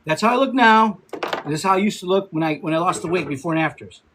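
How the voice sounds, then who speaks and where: A man in his fifties hosting a casual livestream. He laughs often, swears freely and gives quick shout-outs to viewers. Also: high-pitched, lively intonation, noisy background. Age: 50s. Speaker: livestream host.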